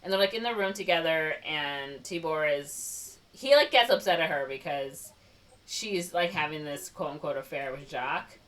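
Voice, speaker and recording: A woman's voice: low-pitched, normal speed, fairly bright tone, distant mic. A woman co-hosting a podcast, casually retelling a movie plot with lots of "like" and "whatever". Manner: rambling retelling full of "like" and "whatever". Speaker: podcast co-host. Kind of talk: casual movie recap chat.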